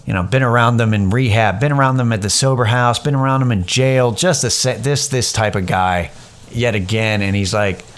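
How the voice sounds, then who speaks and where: A man's voice: medium pitch, normal speed. A man in his thirties hosting a podcast, telling a personal story in a candid, rambling, profane way. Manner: candid, rambling, profane, animated when quoting others. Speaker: podcast host. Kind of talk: casual storytelling monologue.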